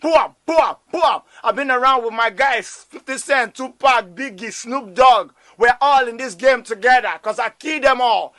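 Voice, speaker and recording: A man playing a brash young wannabe rapper who raps boastfully and shouts. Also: extremely high pitch, measured pace, few pauses, heavily acted.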